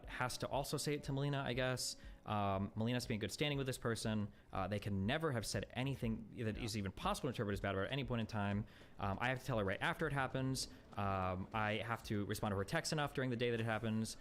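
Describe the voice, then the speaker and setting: A man with a fairly low voice talks casually on a livestream, with a little hiss or hum in the audio. The streamer rambles quickly, packing in fillers and swearing, and sounds blunt and exasperated.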